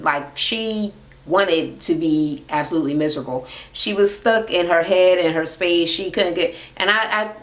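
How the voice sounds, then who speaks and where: A woman casually chatting through a reality TV recap in a gossipy, profane manner. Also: fairly low pitch.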